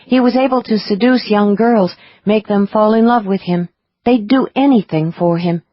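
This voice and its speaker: A woman voicing a guarded young woman psychic who speaks quietly and earnestly. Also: medium pitch, moderate pace, no echo, highs cut off, voice pushed up, close to an everyday voice.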